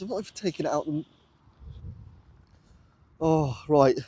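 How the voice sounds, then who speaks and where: A man's voice: on the high side, animated, a little slow, a little mellow, no room sound. Awestruck British man in a field. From United Kingdom. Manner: breathless, awestruck, repeats exclamations. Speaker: metal detecting vlogger. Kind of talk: excited outdoor vlog commentary. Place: outdoors in a muddy field. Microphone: camera on a tripod.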